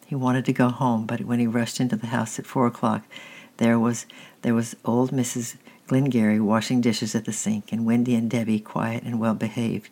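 A man reads a children's chapter book aloud at an even, middling pitch. His delivery is plain and steady, with the odd restart as he goes. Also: vocal fry. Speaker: audiobook reader. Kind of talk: storybook narration.

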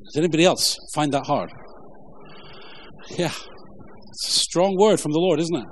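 Chatty pastor, a man with a slightly high voice. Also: a little hiss or hum. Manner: informal, halting, many fillers, jokey asides. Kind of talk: conversational sermon with scripture reading.

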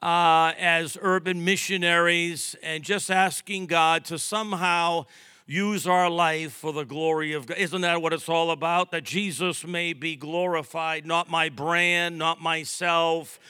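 Man, sixties, from Massachusetts, pastor, emphatic sermon, high voice, dry sound. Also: steady tone, unhurried, sharp tone, clean tone, no room sound. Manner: emphatic preaching with rising bursts and quips.

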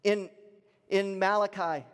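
Man, pastor, sermon, high voice, rises and falls to a hush, long reverb. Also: steady tone, slow, smooth. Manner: preaching with wide swings from high emphatic to low hushed.

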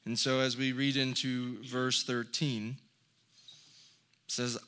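A man's voice: medium pitch, little pitch movement, slow pace, long pauses, bright, forceful tone, clear, resonant tone. A man preaching a sermon, speaking earnestly and telling folksy stories before building to emphatic exhortations. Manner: folksy storytelling with light laughs. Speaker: pastor.

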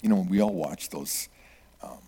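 A middle-aged man preaching a sermon, swinging from loud exclamations to hushed whispers. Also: low-pitched, measured pace, breathy edge. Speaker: pastor. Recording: long reverb of a large hall.

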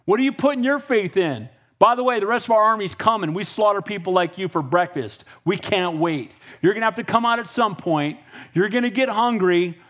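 A preacher putting on a boastful, mocking enemy herald. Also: male voice, high voice, brisk, fairly bright tone. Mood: taunting. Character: arrogant taunting male enemy messenger.

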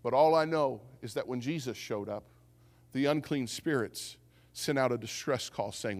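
A man preaching a sermon as pastor, telling a story with animated delivery and acting out what people said. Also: mid-range voice, moderate pace. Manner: storytelling, animated, acts out quotes. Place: church sanctuary. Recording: church hall with long reverb.

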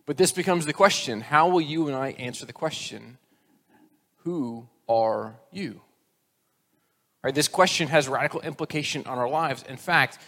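A man in his forties preaching a casual, conversational sermon. His voice sits a little high for a man. He jokes at his own expense, and the long reverb of a church hall carries around him. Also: creaky, fairly bright tone. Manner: self-deprecating, conversational, tells jokes with voiced characters. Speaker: pastor.

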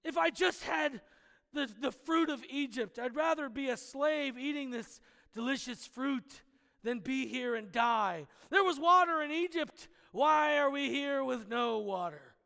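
A man's voice: very high voice, a little slow, creaky, bright, forceful tone, exaggerated voice. A man putting on whiny, complaining wanderers. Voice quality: whining, complaining. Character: whiny grumbling ancient wanderers, a crowd. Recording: long reverb in a large hall.

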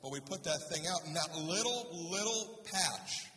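A male pastor telling a humorous story in a sermon, animated and lively. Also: a little high, a little fast. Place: church sanctuary. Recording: roomy church hall, voice from a distance.

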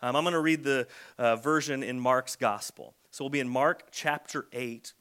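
A man preaching a sermon in a relaxed, conversational way, now and then acting out the people he quotes. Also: medium pitch, normal speed, smooth. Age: adult with a son. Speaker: pastor.

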